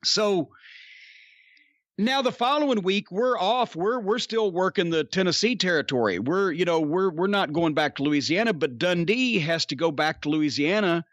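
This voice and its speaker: A man's voice: high-pitched, lively intonation, moderate pace, fairly bright tone, no room sound, muffled recording. A man hosting a podcast, telling a rambling, profane anecdote and laughing at it. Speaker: podcast host, storyteller.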